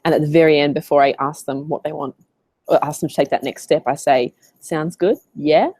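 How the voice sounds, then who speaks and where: An Australian woman coaching in a casual live Q&A, chatty and animated as she tells stories. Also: sits low, quick pace, dry recording. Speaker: business coach.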